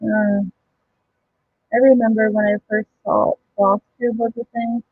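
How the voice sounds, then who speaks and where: A woman's voice: on the high side, little pitch movement, measured pace, phone-quality sound, a little hiss or hum. A woman hosting a crafting live stream, chatting casually, reading viewer comments aloud and laughing often. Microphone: home microphone.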